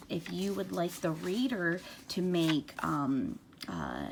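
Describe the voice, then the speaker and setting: A woman talks children through a read-aloud story, slowly and gently. She pauses often on fillers as she explains. Her voice has a slightly gravelly texture. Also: lowish voice, a little hiss or hum. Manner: gentle, unhurried, with many fillers. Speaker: reader, teacher.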